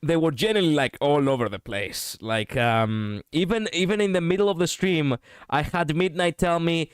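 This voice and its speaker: A man's voice: fairly high pitch, moderate pace, clear, resonant tone, no echo, clean studio sound. A man streaming, reacting to a show in loose, joking, rambling chat.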